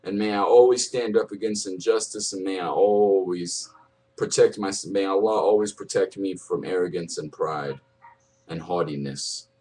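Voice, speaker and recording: Deep husky guy telling his life story, emotional, keeps repeating himself. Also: moderate pace, warm tone, poor audio. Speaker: convert sharing his testimony. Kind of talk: personal testimony, earnest and heartfelt.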